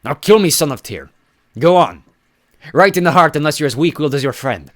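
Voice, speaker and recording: A man voicing a croaking, mocking stone giant. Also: fairly high pitch, lively intonation, a little fast, pitched above the performer's own voice, natural voice. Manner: taunting, croaking, boastful.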